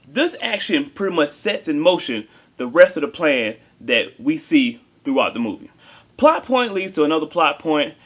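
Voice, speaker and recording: A man's voice: mid-range voice, a bit bright. A man giving a comedic movie review, talking in a joking, slangy way.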